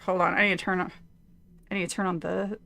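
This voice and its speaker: A woman's voice: fairly low pitch, flat delivery, fast talker, gravelly, bright, forceful tone. A woman streaming herself reading a horror novel aloud, chatting casually and drifting into tangents, often laughing. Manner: rambling, with frequent tangents and laughs. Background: faint movie audio.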